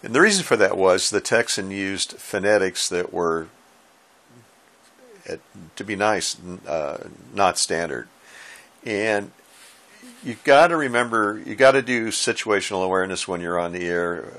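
A man who runs ham radio, explaining its basics from his home radio room in a relaxed, folksy way with dry asides. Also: low-pitched, measured pace. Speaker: ham radio operator and instructor. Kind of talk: casual how-to explainer.

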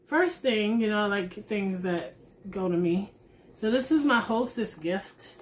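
A woman chatting casually to her viewers while opening craft mail, gushing and excited, and a mother. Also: medium pitch, a little slow. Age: adult with a son. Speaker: crafting vlogger. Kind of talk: casual unboxing chat.

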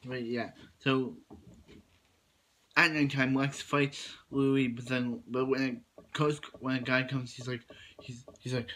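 A man's voice: medium pitch, flat delivery, slow pace, a bit bright. A man casually recapping a TV episode, rambling with many restarts and "he's like" retellings. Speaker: TV episode reviewer.

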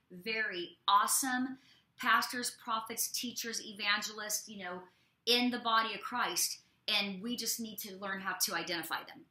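A woman prophet co-hosting a ministry show, teaching from the Bible in an expressive way with folksy asides to her listeners. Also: mid-range voice. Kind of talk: animated preaching and Bible teaching. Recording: echoey room.

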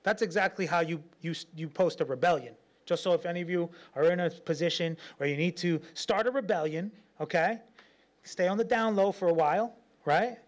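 This man preaches as a pastor with a high-pitched voice and a slightly quick pace. His sermon is full of lively stories, frequent laughter, and imitated voices of the characters in them.

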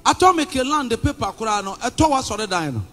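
High-pitched fiery Ghanaian preacher man. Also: big pitch swings, moderate pace, soft background music. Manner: combative, shouting, sing-song preaching mixing languages. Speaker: pastor. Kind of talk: fiery sermon.

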